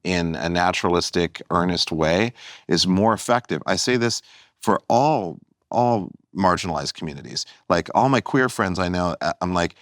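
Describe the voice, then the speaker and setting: A man's voice: sits low, expressive, moderate pace, fairly bright tone, dry recording, studio quality. A man, a comedian guest on a podcast, talking casually and earnestly, often restarting and trailing off mid-phrase.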